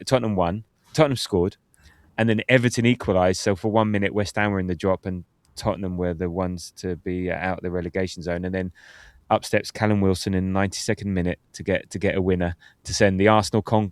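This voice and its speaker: A low-pitched man in his fifties talks football on a podcast in a loose, chatty way, laughing easily as he goes. His voice sits close and dry, with no room sound around it. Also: clean tone, dry recording. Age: 50s. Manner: chatty, laughs often, reads out listener comments. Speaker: podcast host. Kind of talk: casual football podcast chat.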